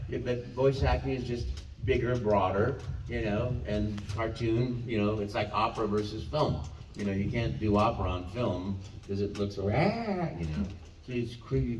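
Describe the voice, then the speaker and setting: A man's voice: lowish voice, a little mellow. An older man speaks expressively on a convention stage, encouraging and prone to rambling restarts. His voice is picked up from a distance and rings around a big echoey hall. A faint noise sits underneath. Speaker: guest voice actor on a convention panel. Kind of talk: panel Q&A answers.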